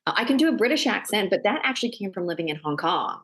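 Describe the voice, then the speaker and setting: A woman guest, an actor and director, talking casually on a podcast and telling animated stories with laughter in between. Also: mid-range voice, fast.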